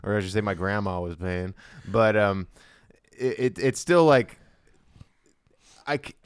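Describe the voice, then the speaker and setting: A man co-hosting a comedy podcast, laid-back and low-key as he chats and tells stories. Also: expressive, unhurried, clear, resonant tone, no room sound, studio quality. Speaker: podcast co-host. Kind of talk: casual comedic chat.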